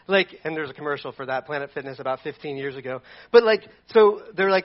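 A man's voice: a little high, lively intonation, fast talker, few pauses. A man preaching a casual, humorous sermon, rambling and playful and often restarting his sentences. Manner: rambling and playful, with self-corrections. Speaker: pastor. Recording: dull lo-fi recording.

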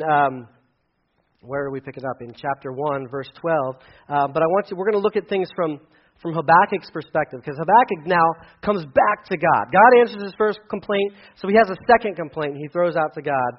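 A man with a high voice preaches a sermon, and his delivery is lively. When he acts out quoted speech, his voice jumps into loud, high bursts. The recording sounds muffled and lo-fi. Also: normal speed. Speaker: pastor.

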